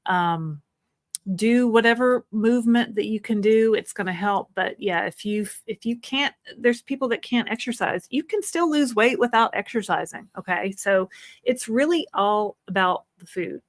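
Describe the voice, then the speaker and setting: A chatty middle-aged woman co-hosting a live stream, laughing easily as she hands out practical tips. Her voice sits in a middle pitch and sounds close and dry, with no room around it. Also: normal speed, no echo. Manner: chatty, laughs often, gives practical advice. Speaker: co-host of a weight-loss livestream. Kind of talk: casual live-stream chat.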